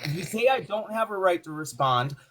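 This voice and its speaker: A woman in a heated live-stream debate, defensive and quick to swear, restarting her sentences and sometimes shouting. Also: fairly low pitch, lively intonation, slight background noise. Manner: gets loud and shouts in anger. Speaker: debate participant.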